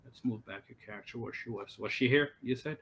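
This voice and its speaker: A man's voice: medium pitch, fast, creaky, fairly bright tone, a little hiss or hum. A man acting as game master in an online tabletop game, thinking aloud with many fillers as he runs the rules.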